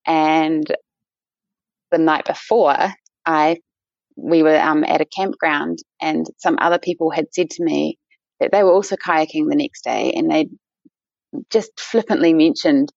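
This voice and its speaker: A woman's voice: sits low, steady tone, measured pace, gravelly, a little mellow, no room sound. A woman with a New Zealand accent, a guest in a casual interview, chatty with many fillers and restarts. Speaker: guest, endurance runner. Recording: dull lo-fi dry sound.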